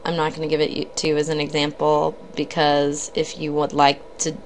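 A woman's voice: low-pitched, monotone, moderate pace, slight background noise. A woman giving a recorded lecture on reading poetry, explaining in a conversational way with occasional ums and restarts. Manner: conversational, explanatory, frequent ums and self-corrections.

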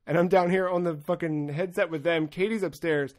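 A young man co-hosting a casual gaming podcast, an excitable storyteller who swears freely. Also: on the high side, moderate pace, few pauses. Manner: excitable storyteller, swears freely, acts out his own shouting. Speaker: podcast co-host.

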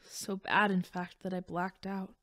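A woman's voice: mid-range voice, little pitch movement, unhurried, fairly bright tone, no room sound, close to an everyday voice. A woman plays a guilt-ridden young woman warrior in a storybook audiobook, confiding earnestly and uncertainly. Her voice sits mid-range and is recorded dry and close. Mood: troubled. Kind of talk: audiobook voice acting.

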